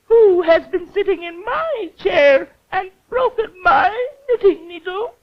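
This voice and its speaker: A woman's voice: very high-pitched, expressive, takes it slowly, full character voice. A woman voicing a fussy mama bear in an old cartoon, wailing near tears. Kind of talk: 1930s cartoon voice acting. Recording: dull old cartoon soundtrack with faint hiss.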